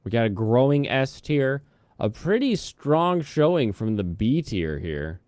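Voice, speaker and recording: A man's voice: mid-range voice, sing-song, measured pace, a little mellow, no room sound. A man chatting casually on a live stream, rambling between topics and humming to himself.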